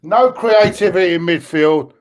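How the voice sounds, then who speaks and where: Ranting high-voiced football fan. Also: male voice, moderate pace. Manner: swearing, ranting, emphatic. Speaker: fan pundit. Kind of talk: angry fan chat.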